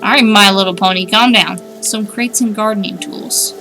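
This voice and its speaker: A woman's voice: medium pitch, steady tone, brisk, music in the background. A woman streaming a game, chatting wryly, thinking aloud and reading on-screen text. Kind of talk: casual let's-play commentary.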